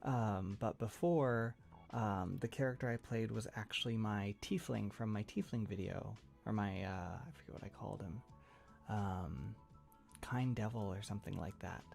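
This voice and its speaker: Gravelly-voiced man chatting on stream. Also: lowish voice, normal speed, a little mellow, soft background music. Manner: rambling, laughs often, many fillers and restarts. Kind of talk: casual livestream chat. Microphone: close mic setup.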